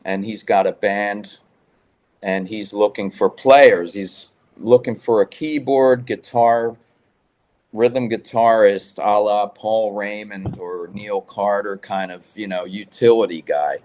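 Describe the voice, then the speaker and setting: A man's voice: fairly low pitch, steady tone, slow, a little mellow. A man guest telling rambling rock-scene stories in a casual interview, swearing freely. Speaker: guest musician.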